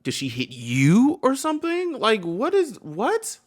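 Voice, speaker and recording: A man's voice: very high-pitched, wildly swooping pitch, measured pace. A man giving heated reaction commentary on a video, blunt and slangy, swearing and repeating himself.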